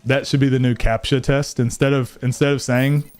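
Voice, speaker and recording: Late at night, a young man streams a game and chats casually with viewers, rambling, joking, and swearing freely while sounding a little tired. His mid-range voice is level, darkish, clear, and resonant, at a moderate pace.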